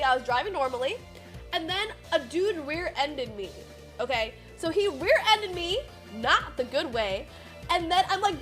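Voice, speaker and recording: A young woman livestreamer tells stories to her viewers in a high, very lively voice. She rambles with lots of fillers and the odd swear, and faint music plays behind her. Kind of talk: casual stream chat, storytelling.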